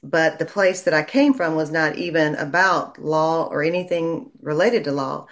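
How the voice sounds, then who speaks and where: A woman, a lawyer chatting in an interview and telling stories in a lively way. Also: sits low, moderate pace. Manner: chatty storyteller, animated when quoting people. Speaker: lawyer and legal commentator. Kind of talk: casual interview chat.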